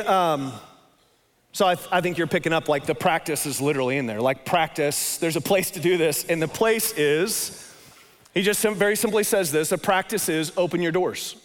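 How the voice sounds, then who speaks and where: A man's voice: high voice, long reverb tail. A man preaching a sermon in a casual, conversational way, often tossing in "man" as he talks. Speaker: pastor.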